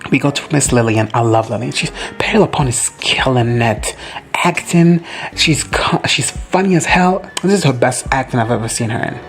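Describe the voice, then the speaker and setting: A man giving a casual reaction recap of a TV episode, gushing, swearing freely and briefly acting out characters in quick high voices. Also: faint music behind. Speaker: reaction vlogger.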